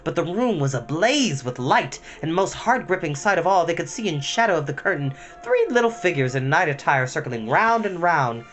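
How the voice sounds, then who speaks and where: A man reading a storybook aloud at bedtime, expressive and dramatic with a gentle touch. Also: on the high side, normal speed, hardly any pauses, faint music behind.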